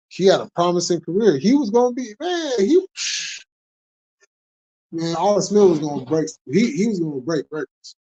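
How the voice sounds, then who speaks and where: A man in a heated, profane sports rant who laughs between complaints. His voice sits a little high and sounds warm and mellow. The recording is dull and lo-fi. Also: sing-song, normal speed, long pauses, slight background noise. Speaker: host. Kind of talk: casual livestream sports talk.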